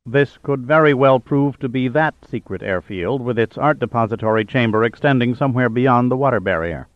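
A man playing a calm, laconic hero diver. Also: medium pitch, a little fast, no room sound, narrow, tinny audio, lightly acted. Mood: cool. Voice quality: calm, understated.

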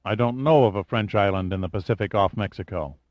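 A man voicing a calm, commanding hero. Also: on the low side, a little fast, dry recording, natural voice. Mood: questioning. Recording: dull lo-fi audiobook recording.

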